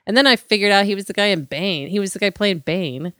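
A woman's voice: mid-range voice, quick pace, a bit bright, dry recording, studio quality. A woman co-hosting a podcast in casual chat, rambling and chatty with lots of fillers. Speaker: podcast co-host.

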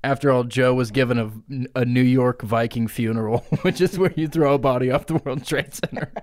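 A man co-hosting a comedy podcast, telling a crude absurd story and breaking into squeaky character noises. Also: fairly quick. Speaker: podcast co-host. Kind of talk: improvised comic storytelling.

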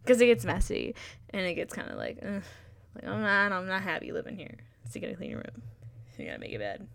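Creaky and a bit bright, this young podcaster's medium-pitched voice swings hugely in pitch as she rambles quickly through a solo episode. She's chatty, digressive and self-deprecating, full of fillers, with no room sound.

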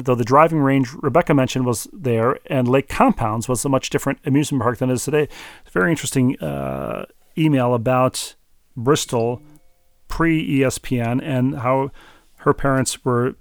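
A man's voice: mid-range voice, gravelly, no echo, studio quality. A man co-hosting a podcast in a casual, chatty way, reading out listener emails with playful wordplay. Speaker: podcast co-host.

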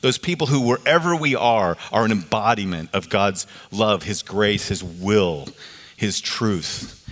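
A man giving a sermon, telling a story and lifting his voice when he quotes others. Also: measured pace. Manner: animated, rises in pitch for quoted voices. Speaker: preacher. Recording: long reverb of a large hall.

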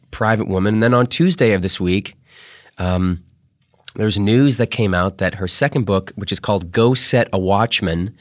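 A podcast host with a very low voice talks in a loose, rambling monologue, full of ums and restarts. His throat sounds a little rough from a cold. The recording is dry and close, with no room sound. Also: no echo. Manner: chatty, rambling with many fillers and restarts. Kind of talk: casual monologue.

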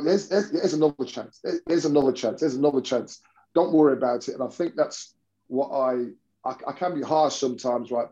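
A basketball coach tells stories in an interview, rambling and restarting often. His voice is mellow and a little high, and the audio has its highs cut off.

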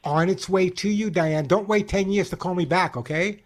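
A man hosting a call-in pet radio show, giving emphatic advice with quick jokes. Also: sits high.

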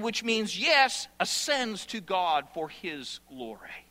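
A male pastor preaching a sermon with emphatic, repeated phrases, slowing down to read scripture. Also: high voice, big pitch swings, bright, forceful tone, long reverb tail.

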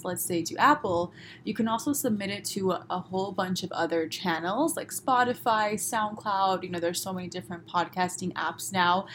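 Fast-talking Southern California woman podcaster. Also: medium pitch, slight background noise. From Los Angeles, USA. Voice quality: fast-talking, crisp pronunciation. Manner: chatty, upbeat, many fillers. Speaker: podcast host. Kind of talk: solo podcast monologue. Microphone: podcast microphone.

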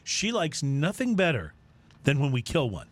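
Animated jokey man on a podcast. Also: a little high, normal speed. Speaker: podcast co-host. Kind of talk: casual chat and comic news reading.

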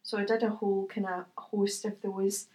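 A middle-aged Scottish woman chats through her stories in a relaxed interview. She is a medium by trade. She tells her tales with energy, often putting on the voices of the people in them and breaking into laughter. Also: mid-range voice, normal speed. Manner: chatty, animated anecdotes with quoted voices and laughter. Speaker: guest, medium. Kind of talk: casual interview storytelling.

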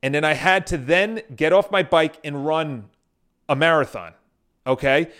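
A man with a somewhat high voice talks straight to his viewers in a casual motivational monologue. He tells stories loosely, restarting often and dropping in the odd swear word. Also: unhurried, fairly bright tone. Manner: addresses viewers directly. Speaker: motivational speaker.

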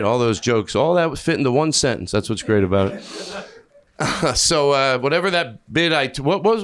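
Man, stand-up comedian, high-pitched, rambling, self-mocking, profane, club stage. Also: fairly bright tone. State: high on an edible. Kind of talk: improvised stand-up.

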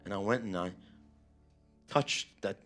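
Low-voiced pastor telling a testimony. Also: male voice, measured pace, fairly bright tone, faint music behind. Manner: emotional, vivid retelling with rising intensity. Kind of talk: sermon testimony storytelling.

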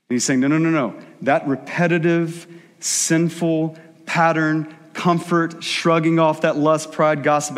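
Man preaching in a reverberant hall. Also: on the high side. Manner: conversational preaching with acted asides. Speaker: pastor. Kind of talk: sermon.

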